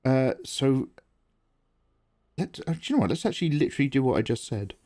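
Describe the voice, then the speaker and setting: A man's voice: medium pitch, expressive, fairly quick, warm tone. A man chatting casually and self-deprecatingly on a live art stream while he draws, reading chat aloud.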